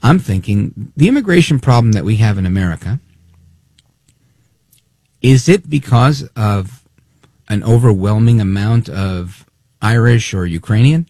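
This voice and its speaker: Talk radio host, man, gravelly, dark husky voice, lively snide delivery. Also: lowish voice, a little slow, long pauses, dry recording. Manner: animated, snide, acts out quotes. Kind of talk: opinionated political talk radio.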